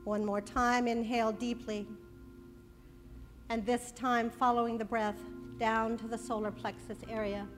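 A woman minister giving a sermon, then leading a slow, soothing guided breathing meditation at a church service. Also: fairly high pitch, flat delivery, long reverb tail, soft background music.

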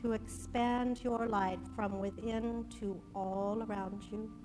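A woman minister giving a sermon, then leading a slow, soothing guided breathing meditation at a church service. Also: medium pitch, steady tone, big-room sound, over music.

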